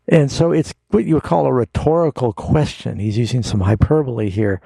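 A man's voice: mid-range voice, brisk, vocal fry, warm tone, breathy edge, no echo. A man hosting a call-in radio Bible show as pastor, explaining scripture in a folksy, explanatory way with homespun illustrations.

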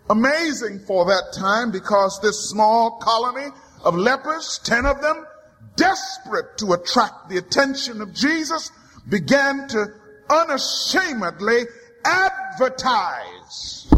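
High-voiced preacher man, slow and rhythmic. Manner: rhythmic preaching with repeated refrains, rising to shouts. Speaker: pastor. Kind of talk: sermon. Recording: long hall reverb.

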